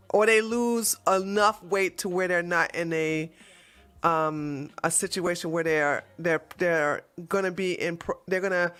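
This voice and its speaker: A woman hosting a livestream, chatting in a blunt, animated, casual way. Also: on the low side, clear, resonant tone. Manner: blunt and animated, with frequent restarts. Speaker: livestream host. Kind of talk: casual opinionated chat.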